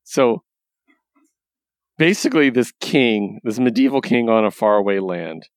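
A man hosting a casual podcast, animated and profane as he acts out scenes from a comic. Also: mid-range voice, measured pace, no echo, clean studio sound. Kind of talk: casual comic book chat.

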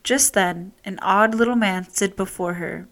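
A woman storyteller reading a fairy tale aloud with steady, expressive delivery. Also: mid-range voice, a little slow.

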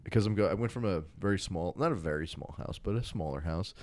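Low voiced guy on a podcast, relaxed and halting, dry close sound. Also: dry recording. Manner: laid-back, halting with many fillers. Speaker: podcast co-host. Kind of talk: casual podcast chat.

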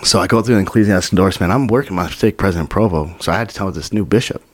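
Utah man, podcast guest; husky, low-pitched, lively retelling with dialogue. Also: racing. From Utah, United States. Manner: animated retelling with quoted dialogue. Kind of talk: casual storytelling.

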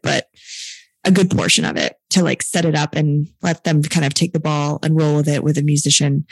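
A young woman talks through a story in a loose, chatty way, dropping "like" constantly and laughing often. Her voice sits a little low for a woman. The sound is close and dry, with no room in it. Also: gravelly, no echo, rough recording. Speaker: filmmaker and producer. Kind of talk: casual storytelling chat.

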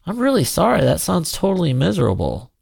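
A man's voice: medium pitch, sing-song, normal speed, gravelly, voice pushed up. A man voicing an earnest, kind-hearted young man who stammers and apologizes. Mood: eager.

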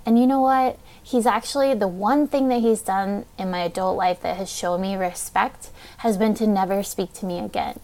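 A woman's voice: mid-range voice, steady tone, moderate pace, hardly any pauses, darkish tone. A young woman hosting a podcast, telling a personal story in a casual, candid way. She says "like" often, swears freely and speaks with open emotion. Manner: casual, heavy use of "like", frequent swearing; candid and heartfelt, openly emotional. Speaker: podcast host.

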